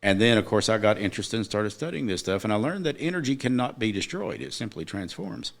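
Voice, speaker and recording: A man's voice: on the low side, lively intonation, quick pace, vocal fry. A middle-aged man, a podcast guest, earnestly telling a personal story in casual chat, with emphatic moments.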